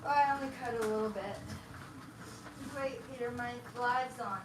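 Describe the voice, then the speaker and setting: With noise in the background, a woman whose voice is a little high speaks at a moderate pace. Livestreaming by phone from her kitchen at home, she swears a lot and rants in an agitated, heated way during what is meant as casual chat.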